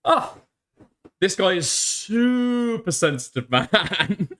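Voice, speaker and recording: A man's voice: high voice, sing-song, slow pace, a bit bright. Sweary guy hosting commentary, laughs a lot, sarcastic. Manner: profane, laughs often, sarcastic. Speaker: commentary host. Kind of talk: casual call and reaction commentary.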